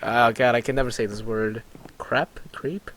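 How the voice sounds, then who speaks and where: A man hosting a let's play, reading the game's chat aloud with quick asides and frequent laughs. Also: medium pitch, steady tone, a bit bright.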